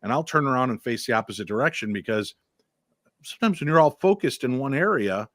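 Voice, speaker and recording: A man's voice: medium pitch, fast talker, dry recording, clean studio sound. A man, a paranormal investigator, telling stories in casual chat and acting out the voices of people he quotes. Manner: animated storyteller, acts out quoted voices.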